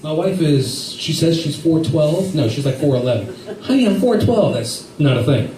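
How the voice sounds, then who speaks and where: A man's voice: fairly high pitch, expressive, moderate pace, mellow, echoey room, far from the mic, slight background noise, rough recording. A middle-aged man doing a rambling, self-deprecating stand-up set, acting out quotes along the way. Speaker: stand-up comedian.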